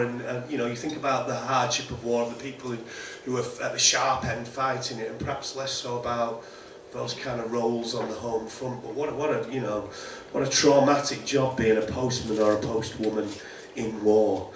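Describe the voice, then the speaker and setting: A man's voice: medium pitch, a little hiss or hum. A man introducing a song at a folk club, telling a story in a rambling, wry but sincere way. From Middleton, Northern England. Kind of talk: casual storytelling between songs. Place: folk club room, live. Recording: echoey club room, far from the mic, music.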